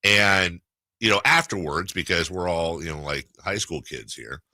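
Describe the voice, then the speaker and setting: A man's voice: low voice, normal speed, sharp tone, no echo. A man hosting a sports radio talk show, telling a rambling story in casual chat with many restarts. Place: radio studio.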